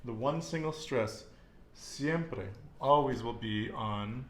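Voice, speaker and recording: A man's voice: mid-range voice, slow, fairly bright tone, reverberant, slight background noise. A man teaching a casual Spanish lesson, patiently repeating words and quizzing his student.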